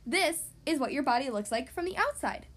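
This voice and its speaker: A woman voicing a brisk, knowing female bear doctor in a storybook reading, brisk and explanatory. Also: sits high, animated, a bit bright.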